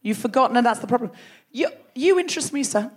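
A woman hosting a comedy podcast live on a theatre stage, teasing the audience in animated crowd work. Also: fairly high pitch, fast talker, slightly rough. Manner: teasing, animated, laughing between jokes. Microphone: stage microphone.

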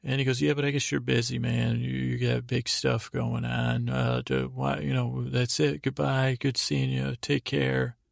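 A man's voice: mid-range voice, a little slow, creaky, hardly any pauses, no room sound, studio quality. A man hosting a sleep podcast, recapping a show in a meandering, trailing way. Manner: meandering, trailing off, paraphrasing scenes in a flat tone. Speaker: podcast host.

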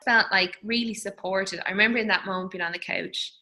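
A woman in her thirties telling her birth story in an interview, tender and halting, with many fillers. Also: mid-range voice, fairly even intonation, bright, forceful tone, rough recording. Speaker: guest. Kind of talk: personal birth story in conversation.

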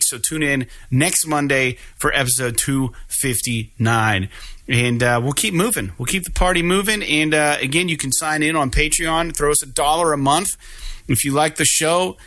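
Podcast host, male: bright, forceful tone, dry close sound; easygoing, swears freely, laughs through his stories. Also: fairly high pitch, no room sound. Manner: loose, profane, laughing storyteller. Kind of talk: casual podcast chat.

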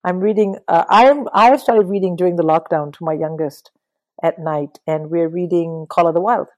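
A middle-aged woman talking casually about books in an interview, animated and swearing freely. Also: fairly low pitch, normal speed, low-quality recording. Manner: animated, swears, mimics people in quotes. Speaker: guest.

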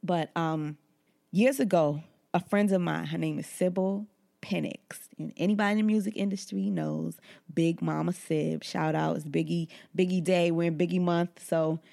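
A woman from Brooklyn hosts her show, telling a faith parable the way she'd tell it to friends. Her voice sits a little low and carries a gravelly fry. She acts out the characters and drifts into an easy preaching cadence. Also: normal speed. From Brooklyn, New York. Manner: animated storyteller, acts out voices in quotes. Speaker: podcast host. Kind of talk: casual storytelling with preaching.

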